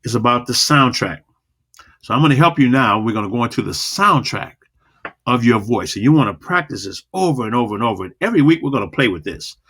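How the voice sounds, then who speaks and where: Lively, bright-voiced male speaking coach. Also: medium pitch, quick pace, breathy edge. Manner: energetic, repetitive, demonstrates vocal dynamics. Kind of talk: online video lesson addressing the viewer.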